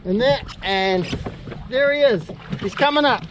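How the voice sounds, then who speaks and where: A middle-aged man with a New Zealand accent, narrating an excited outdoor vlog from a kayak at sea and often calling out loudly. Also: high voice, measured pace, poor audio. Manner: excitable, exclaiming, calls out loudly. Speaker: kayak fishing host. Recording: wind and water noise.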